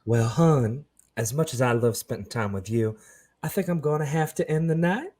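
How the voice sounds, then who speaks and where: A man's voice: mid-range voice, expressive, moderate pace, a little mellow, natural voice. A man voicing a female con artist who puts on a French lady act, campy and over the top. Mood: coy flirting. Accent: put-on French.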